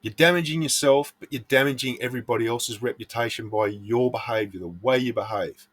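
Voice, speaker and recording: A man's voice: medium pitch, a little fast, a bit bright. A middle-aged Australian man, a prospecting vlogger, giving earnest, blunt advice in a casual monologue.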